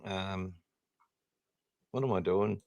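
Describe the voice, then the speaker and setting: Low, slow and creaky with a slightly mellow tone, this Australian man hosts a live sports podcast in a chatty, rambling, self-deprecating way. The recording is dry and muffled.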